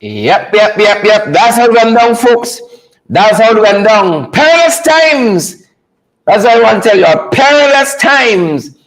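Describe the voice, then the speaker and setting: A man's voice: high-pitched, animated, normal speed, low-quality recording. A man hosting a casual commentary show, repeating his phrases, drawing them out and chuckling. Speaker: host.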